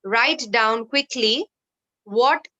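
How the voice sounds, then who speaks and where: Bright-voiced Indian woman leading a workshop. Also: a little high, drawn-out words, highs cut off. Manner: lively, mixes Hindi phrases, acts out quoted voices. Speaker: workshop facilitator. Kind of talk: workshop talk with anecdotes.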